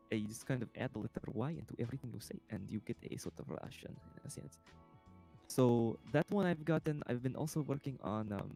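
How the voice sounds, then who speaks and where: A man's voice: medium pitch, creaky, warm tone. A man chatting casually on a livestream and breaking into mock accents now and then. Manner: tries out mock accents between plain chat. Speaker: streamer. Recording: faint music behind.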